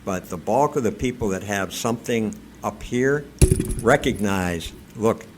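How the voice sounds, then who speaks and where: Low-voiced plainspoken radio co-host. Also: male voice, animated, a little slow, noisy background. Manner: plainspoken and opinionated, conversational. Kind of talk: casual talk radio chat.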